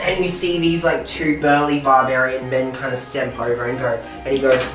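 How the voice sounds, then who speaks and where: A man's voice: medium pitch, little pitch movement, normal speed, few pauses, fairly bright tone. Man, game master, casual chatty narration, distant mic, background music. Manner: casual, chatty, lots of fillers. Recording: roomy sound, distant mic, music behind.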